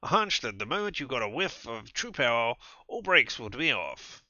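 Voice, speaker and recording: Man voicing a stern vampire sheriff, slow and deliberate, bright tone, dry muffled sound. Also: mid-range voice, big pitch swings, no echo. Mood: scolding. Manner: slow, measured, scolding.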